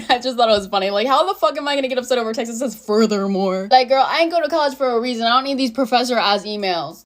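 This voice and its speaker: Young woman in her 20s ranting a storytime, lots of swearing, sarcastic, pretty high voice. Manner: blunt, profane, sarcastic ranting. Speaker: storytime creator. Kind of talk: storytime rant to camera.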